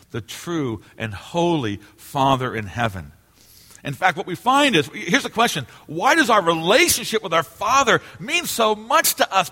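A middle-aged male pastor preaching a sermon, earnest, moving between loud emphasis and hushed, quiet passages. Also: on the high side, slightly rough. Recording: long reverb of a large hall.

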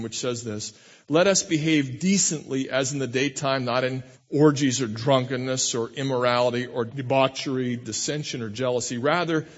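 A man, a pastor, preaching a sermon with earnest emphasis that rises to strong peaks and sinks low. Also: slightly rough, in a large hall, dull audio.

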